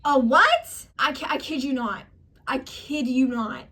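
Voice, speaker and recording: A young woman vlogger with a high-pitched, somewhat slow, slightly bright voice tells a story to the camera. It's a casual storytime rant, exasperated and emphatic, and she acts out the voices of the people she quotes.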